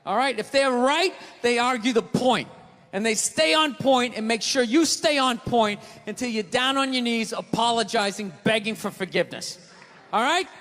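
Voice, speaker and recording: A man doing a live stand-up set on a theater stage, ranting and profane, swinging from muttering to yelling. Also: very high voice, normal speed. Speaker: stand-up comedian. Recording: echoey hall with loud crowd. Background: audience laughter.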